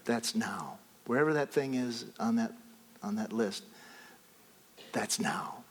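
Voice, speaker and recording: A man's voice: medium pitch, takes it slowly, in a large hall. Man preaching with dramatic whispered swings. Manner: dramatic swings from loud exclamation to hushed whisper. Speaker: pastor. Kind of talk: sermon.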